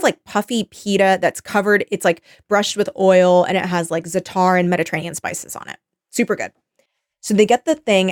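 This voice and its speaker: A woman's voice: medium pitch, no room sound, studio quality. A woman co-hosting a podcast, telling a story in casual chat that rambles, swears and is full of fillers. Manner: rambling, profane, lots of fillers. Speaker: podcast co-host.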